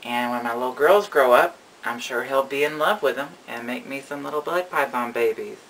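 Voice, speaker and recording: A man's voice: medium pitch, moderate pace, creaky, a bit bright, a little hiss or hum, rough recording. A man narrating a casual vlog about his pet reptiles, rambling and affectionate, cooing at his animals. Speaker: reptile keeper.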